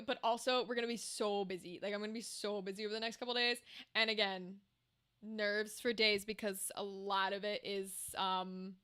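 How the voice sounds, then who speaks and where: A woman's voice: a little high, sharp tone, clear, resonant tone. A woman livestreaming, chatting loosely with her viewers and reading their messages, rambling and swearing casually. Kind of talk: casual chat with chat.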